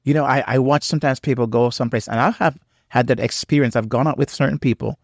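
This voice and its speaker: A man's voice: mid-range voice, steady tone, fast, no room sound, studio quality. A married man giving faith-based marriage teaching in an earnest, repetitive way, full of "um" and "you know", with preacher-like emphasis on key phrases. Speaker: podcast co-host on marriage.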